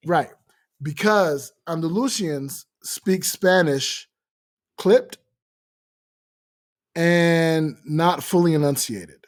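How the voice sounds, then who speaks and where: An American man hosting a podcast, chatting casually and telling animated stories with playful accent mimicry. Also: fairly high pitch, very slow, long pauses. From United States. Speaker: podcast host. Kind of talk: casual chat.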